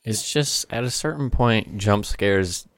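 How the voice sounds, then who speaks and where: A man with a very deep, gravelly voice, recorded close and dry with no room sound. He talks bluntly in slang and swears freely. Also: slow pace, no room sound. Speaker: podcast co-host. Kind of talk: casual chat.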